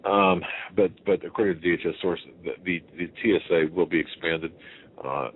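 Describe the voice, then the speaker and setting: A man's voice: low voice, fairly quick. A man hosting a talk radio conversation, emphatic and rambling, often restarting and asking rhetorical questions. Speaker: radio show host. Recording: tinny phone-line sound with faint hiss.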